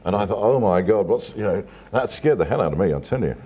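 A host who talks fast and trades quick jokes with his guest. His voice sits low, with a dark, husky grain. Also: animated. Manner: quick, jokey banter. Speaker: radio show host. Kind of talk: casual chat.

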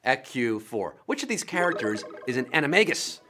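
A man hosting a live trivia game show, energetic and jokey, with faint music behind him. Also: mid-range voice, moderate pace.

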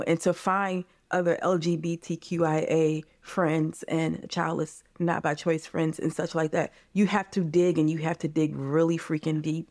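In clean studio-quality audio with no room sound, a woman's low, darkish voice comes through. She is an American in her forties, guesting on a podcast for a candid interview, where she speaks with earnestness and passion and often calls the audience "you guys."

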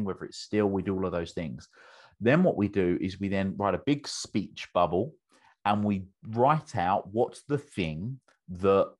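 British man, lowish voice, enthusiastic coaching talk, interview guest, restarts sentences. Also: darkish tone. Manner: enthusiastic, explanatory, frequent restarts. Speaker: business coach. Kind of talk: interview guest explaining a method.

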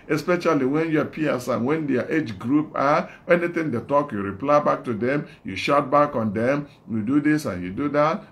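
A man with a Nigerian English accent preaching a sermon as an evangelist, repeating his phrases in an exhorting, call-and-response way. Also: a little high.

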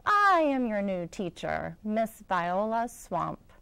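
A woman voicing a nasty, strict substitute teacher in a storybook, slow, hissing and sharp. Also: mid-range voice, sing-song, gravelly, clean tone, no echo, exaggerated voice. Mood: menacing.

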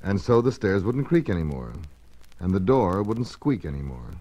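A man narrating children's stories on a storybook record, in an expressive, measured storytelling manner. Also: low-pitched, muffled recording.

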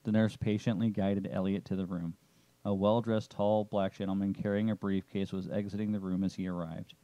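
A man narrating a story chapter in a steady, descriptive way. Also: sits low, fairly quick, no echo, muffled recording.

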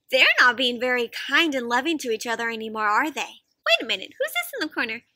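A woman reading aloud to children with a high, very bright voice, animated and full of questions to her young listeners. The recording is close and dry, with no room sound at all. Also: fast talker, no room sound. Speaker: children's storyteller. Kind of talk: interactive read-aloud for kids.

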